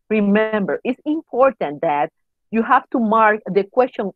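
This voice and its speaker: A woman's voice: mid-range voice, lively intonation, unhurried, dry recording. Female teacher, methodical grammar explainer, dry muffled lesson recording. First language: Spanish. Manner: explains step by step, checks in with "okay?", spells out letters. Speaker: English teacher.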